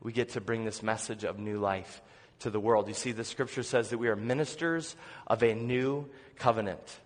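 A male pastor preaching an earnest sermon, asking the congregation questions and dropping to soft, low lines. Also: steady tone, normal speed, in a large hall. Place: church sanctuary.

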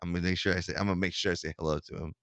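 A man telling a story in casual chat, rambling and animated, with many restarts. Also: low voice, racing, no room sound. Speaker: podcast co-host telling a story.

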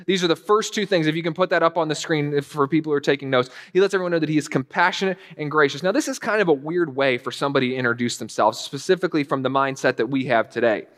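A man's voice: on the high side, quick pace, few pauses, a bit bright, in a large hall. A man pastor giving a sermon in a conversational way, acting out quoted dialogue now and then.

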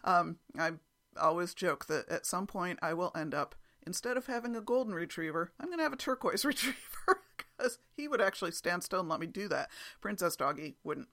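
Woman hosting her own podcast; bright, chatty, quick to laugh at herself. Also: on the low side, very animated. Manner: chatty, self-deprecating, laughs often. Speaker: podcast host. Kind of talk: casual solo podcast chat.

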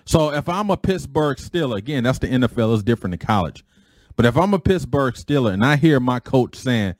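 Quick and very animated, a man with a mid-range voice kicks off his podcast with a loose, rambling monologue. He keeps repeating himself and paraphrasing others, and the recording is dry.

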